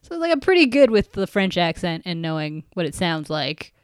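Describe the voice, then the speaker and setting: A woman's voice: fairly low pitch, big pitch swings, normal speed, clear, resonant tone, dry recording, clean studio sound. A woman co-hosting a podcast in casual chat who laughs often and gives short reactions. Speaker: podcast co-host.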